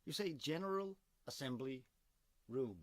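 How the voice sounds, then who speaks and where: A man, hoarse from coughing, casually rambling through a voice demonstration and making puns as he goes. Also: mid-range voice, animated, a little slow, fairly bright tone, dry recording. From Denmark. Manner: digressive, punning, playful. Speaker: video host demonstrating a voice technique.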